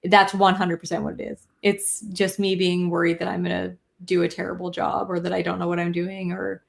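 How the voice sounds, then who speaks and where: A woman's voice: lowish voice, flat delivery, a little fast, creaky. A woman co-hosting a podcast, talking casually and hesitantly, with lots of fillers and thoughts that trail off. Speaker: podcast co-host. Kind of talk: casual conversation.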